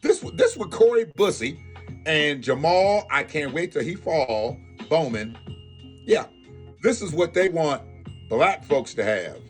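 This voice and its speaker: A man's voice: on the high side, lively intonation, measured pace, faint music behind. A man hosting a live-stream commentary show, ranting bluntly and profanely and talking straight to his viewers. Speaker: livestream host.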